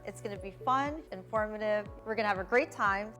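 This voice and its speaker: Upbeat woman pitching her show. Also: brisk, fairly bright tone, soft background music. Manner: upbeat, enthusiastic. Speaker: show host in a promo. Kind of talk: promotional pitch.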